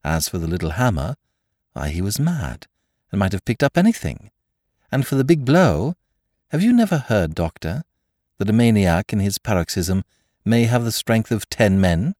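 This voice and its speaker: A man's voice: on the low side, very animated, normal speed, darkish tone, no echo, studio quality, pitched above the performer's own voice. A man voicing a feverish, trembling young curate. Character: excitable nervous young male curate.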